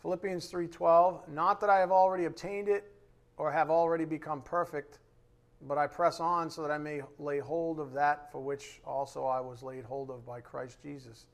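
A man teaching a Bible lesson in a relaxed, conversational way, often checking in with his listeners with "right?". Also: a little high, moderate pace, creaky.

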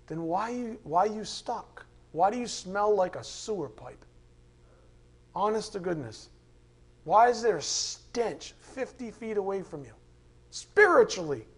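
Male preacher, husky, high voice, emphatic sermon delivery with sarcastic asides. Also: lively intonation, a little slow, a bit bright.

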